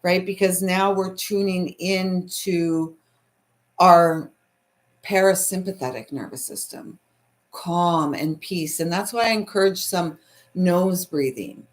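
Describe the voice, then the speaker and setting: A woman's voice: lowish voice, slow. A middle-aged Canadian woman with a Canadian accent, hosting a spiritual live stream in a soothing, chatty way and reading viewer comments aloud. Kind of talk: casual live-stream chat.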